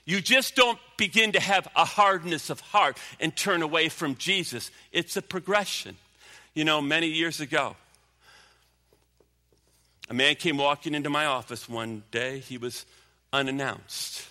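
A man preaches with an emphatic, searching delivery, and his pitch sits a touch high. His tone is very bright and cutting. A long reverb trails behind him, as in a large hall. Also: unhurried. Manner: emphatic preaching, drops low and quiet when telling a story. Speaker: pastor. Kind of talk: sermon.

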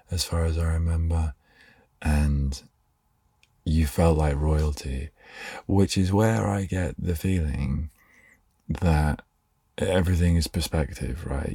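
A young man hosting a sleepy podcast, rambling softly and trailing off. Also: a bass voice, husky, no echo, clean studio sound. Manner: meandering, soft-spoken, trails off. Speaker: podcast host.

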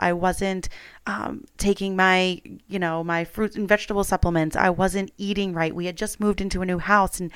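Women in her 30s, candid home storyteller; smooth clear tone, close and dry sound, easygoing chatty delivery. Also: on the low side, dry recording. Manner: candid, chatty, with many fillers. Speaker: mother sharing a personal story. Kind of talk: casual personal storytelling.

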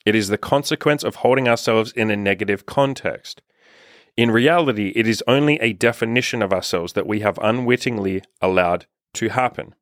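A man's voice: lowish voice, a little fast, fairly bright tone, no echo, clean studio sound. A young man coaching on dating, talking bluntly with frequent swearing and reading passages aloud from a book. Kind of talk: motivational monologue with book reading.

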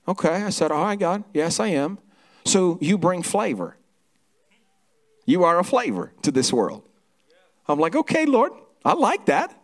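High-pitched guy hyping up a church crowd, lots of repeats and shouts of amen. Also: unhurried, pauses often. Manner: energetic, repeats words, rallies the crowd. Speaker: church worship leader. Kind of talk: church service talk.

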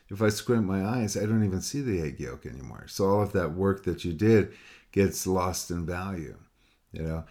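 A man's voice: sits low, dark tone. A man talking casually as a painting teacher on a call with a student, rambling and repeating himself as he acts out what students say. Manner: rambling, repeats words, quotes students in other voices. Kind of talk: casual one-on-one critique talk.

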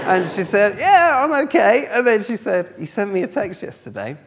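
A man's voice: high-pitched, very animated, moderate pace, a little hiss or hum. A young man from the north of England telling a humorous, self-mocking story in a sermon, acting out the dialogue. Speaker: speaker. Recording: long hall reverb.

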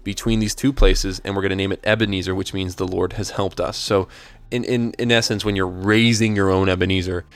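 A man's voice: low voice, steady tone, fairly quick. A man casually explaining the meaning of hymn lyrics and his faith in an earnest, thoughtful way, often restarting and checking in with "right?". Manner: thoughtful and earnest, with frequent restarts and tag questions.

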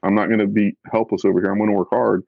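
A man with a low voice talks fast and frankly on a podcast, blunt and earnest. The sound is dry and a little dull and lo-fi, close on the mic. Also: level tone, gravelly, no room sound. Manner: blunt, earnest, self-reflective. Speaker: professional bass fisherman, podcast guest. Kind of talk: candid podcast conversation.

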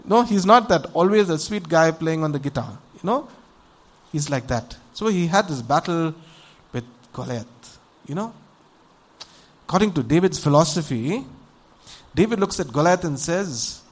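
A man's voice: on the high side, normal speed, pauses often, slightly rough. A man preaching a sermon, retelling a Bible story in a conversational way and often asking his listeners questions. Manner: conversational, rhetorical questions to the audience; animated storytelling with acted voices.

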